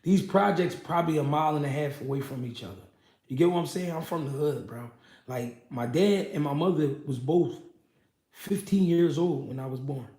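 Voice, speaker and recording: A young man, a former pro boxer, telling his story in a casual, animated, profane way. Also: a little high, normal speed. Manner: animated, profane street talk with many "you know what I mean". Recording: echoey room.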